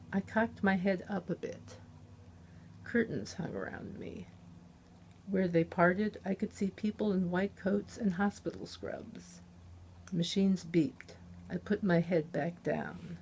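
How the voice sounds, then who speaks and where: A woman author reading a chapter of her own novel aloud in the first person, in a measured, plain storytelling manner. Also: on the low side, warm tone, slight background noise. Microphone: omnidirectional studio mic.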